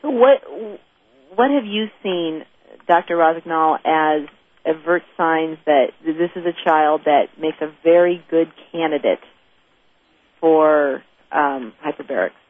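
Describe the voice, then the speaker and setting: A woman's voice: sits low, unhurried. A woman hosting an interview, asking curious and encouraging questions. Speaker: host. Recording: tinny phone-like audio.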